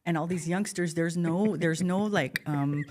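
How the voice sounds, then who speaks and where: A woman's voice: lowish voice, unhurried, darkish tone. A woman speaking as a guest in a casual podcast conversation, impassioned and blunt, rambling with frequent restarts. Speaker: guest, former inmate.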